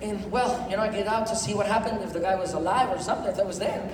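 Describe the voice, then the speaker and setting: A man giving an energetic motivational talk at a sales event, repeating himself and dropping "you know" often, in imperfect non-native English. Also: high voice, fast. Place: event hall with audience. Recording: echoey hall from far off, noisy.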